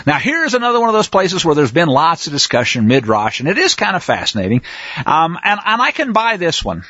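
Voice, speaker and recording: A man's voice: fairly high pitch, wildly swooping pitch, a little fast, sharp tone, dry recording, highs cut off. A man teaching a scripture lesson in a conversational way, often checking in with his listeners. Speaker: Bible study teacher.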